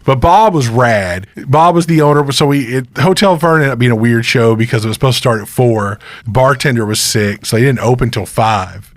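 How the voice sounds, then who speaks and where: A man chatting on a podcast mic, dry and close with no room sound. He tells rambling road stories in an even middle pitch and keeps slipping into the voices of people he quotes. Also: brisk, hardly any pauses, no echo. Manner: rambling storyteller who acts out quoted voices. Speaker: podcast host and touring musician. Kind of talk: casual chat.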